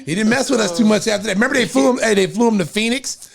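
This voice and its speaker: A man's voice: sits high, very fast, creaky, a crowd in the background. A middle-aged man hosting a podcast, telling stories with lots of laughter and acted-out quotes. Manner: laughing storyteller, acts out quotes. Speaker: podcast host. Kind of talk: animated storytelling chat.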